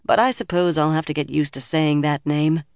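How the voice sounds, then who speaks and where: A narrator voicing a proud, fiery young woman who talks with a sharp, demanding edge, read in a dry studio audiobook. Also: deep voice, moderate pace, no room sound. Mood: bitter.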